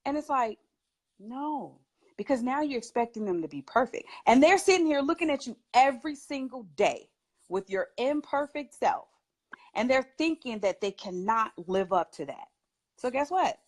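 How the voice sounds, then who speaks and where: A woman's voice: high-pitched, expressive, moderate pace. A woman who is a parent, a guest on a talk show, giving advice in an emphatic way and laughing often. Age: adult parent. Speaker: guest speaker.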